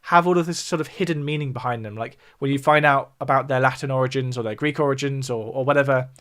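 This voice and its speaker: A man's voice: mid-range voice, fast talker, a bit bright. A man from the south of England with a southern English accent, chatting casually on a livestream, explaining things and responding to viewer chat. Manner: explanatory, reacts to viewer chat between points. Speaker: music YouTuber hosting a livestream.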